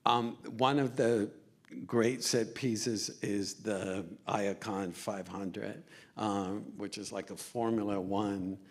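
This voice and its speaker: A man with a fairly low voice moderates a film festival Q&A. He puts short questions to the guest and keeps the talk moving. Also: steady tone, slow pace. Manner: brief prompting questions. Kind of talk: festival Q&A interview. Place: theater stage, in front of an audience.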